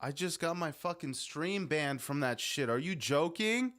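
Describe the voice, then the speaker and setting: A young man chats loosely with viewers on his live stream, rambling, swearing, and cutting himself off again and again. His voice is a little high and animated, somewhat bright, and he talks a bit slowly.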